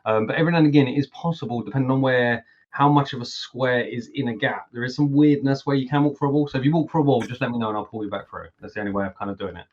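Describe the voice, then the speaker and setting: A man's voice: medium pitch, rapid-fire. Guy gm rambling thru a tabletop session, lotsa ums, kinda muffled lo-fi mic. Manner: rambling, filler-heavy explanations. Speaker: game master. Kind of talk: running a tabletop game over voice chat. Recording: dull lo-fi voice chat audio.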